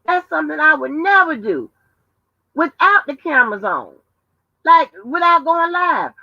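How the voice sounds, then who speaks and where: A woman's voice: high voice, sing-song, a little slow, bright, forceful tone, dry recording. A woman hosting a casual livestream from home, talking in a profane, emphatic, storytelling way. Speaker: livestream host. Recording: dull lo-fi livestream audio.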